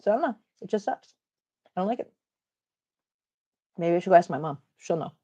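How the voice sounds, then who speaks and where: A woman's voice: on the low side, animated, brisk, mellow. A middle-aged woman hosting a casual livestream, joking and chatting as she reads viewer comments aloud. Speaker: livestream host reading chat.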